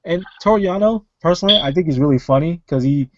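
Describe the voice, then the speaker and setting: A man's voice: fairly high pitch, lively intonation, fast talker, dull audio, noisy background. A man co-hosting a casual wrestling podcast over an online call, rambling with many fillers and restarts. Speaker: podcast co-host.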